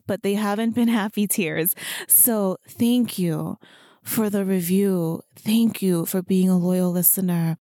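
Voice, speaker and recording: A woman's voice: mid-range voice, dark tone, no room sound, studio quality. A woman hosting her own fitness podcast, talking earnestly and heartfelt, casual with many asides. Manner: earnest, heartfelt, chatty with frequent "you know". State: emotional, near tears. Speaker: podcast host and fitness coach. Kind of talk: casual solo podcast talk. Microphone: studio podcast microphone.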